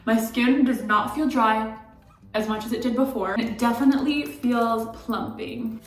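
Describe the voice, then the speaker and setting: A woman's voice: on the high side, a little slow. A woman in her twenties, a beauty vlogger, chatting candidly and heartfelt in a casual confiding way, rambling with lots of likes. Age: 20s. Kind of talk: casual confiding vlog chat. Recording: echoey room, distant mic, background music.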